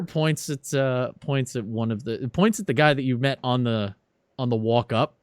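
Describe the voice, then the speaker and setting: A man narrating a tabletop game as game master, in a casual, unhurried storytelling manner. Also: mid-range voice, no room sound, clean studio sound.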